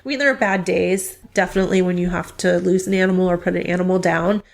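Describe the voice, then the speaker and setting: Chatty gravelly-voiced middle-aged woman. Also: lowish voice, fairly even intonation, fast. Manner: chatty, rambling, restarts sentences. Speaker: veterinary clinic staff interviewee. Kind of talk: casual interview storytelling.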